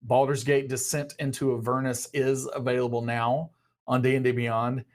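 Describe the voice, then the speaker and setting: A man's voice: mid-range voice, level tone, moderate pace. A man hosting a live stream development update and Q&A, talking casually with a few fillers. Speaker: host.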